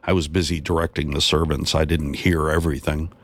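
A man reading a Bible story aloud, raising his voice to play an anxious, exasperated wife who complains quickly and fretfully. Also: a bass voice, little pitch movement. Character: anxious, exasperated wife of a wealthy tax collector.

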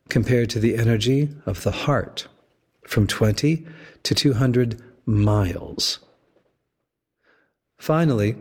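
Slow, low-voiced man preaching. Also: long reverb tail. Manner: slow, measured preaching with deliberate emphasis. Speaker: pastor. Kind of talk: sermon.

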